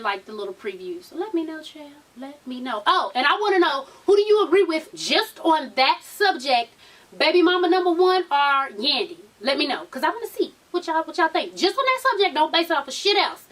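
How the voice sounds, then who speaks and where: A woman's voice: high-pitched, fairly bright tone, recorded from a distance. A woman vlogger casually recapping a reality show, sassy and profane, with a drawl and a Black way of speaking, quoting people in raised voices.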